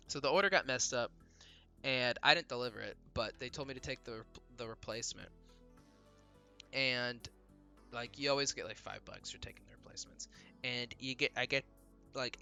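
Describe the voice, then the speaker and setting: A man's voice: mid-range voice, bright, forceful tone, clean tone. A young man casually commenting on a game he is playing, rambling and swearing, with easy laughs. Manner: rambling, profane, laughs easily. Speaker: gameplay commentator. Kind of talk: casual let's-play commentary. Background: faint game music.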